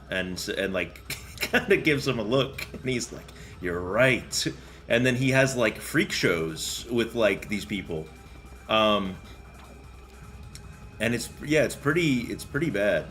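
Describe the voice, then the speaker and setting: Young male streamer, lowish voice, loose profane rambling, filler-heavy chatter. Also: expressive, a little slow, fairly bright tone, soft background music. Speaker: livestreamer. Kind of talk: casual chat while playing a game.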